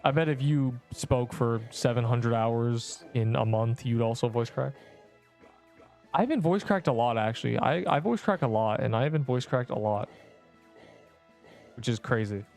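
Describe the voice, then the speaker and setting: A man's voice: mid-range voice, normal speed, gravelly, a little mellow, faint music behind. Rambling, slangy man streaming a game. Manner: rambling, slangy, says "bro" a lot, swears casually. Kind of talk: casual gameplay livestream commentary.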